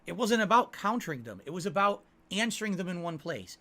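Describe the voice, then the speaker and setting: A man's voice: high voice, sing-song, brisk, bright, forceful tone. A man hosting his own livestream, reading viewer messages and answering them defensively, often asking "right?". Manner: defensive, talks to chat with frequent "right?". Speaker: streamer answering chat. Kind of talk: casual livestream chat.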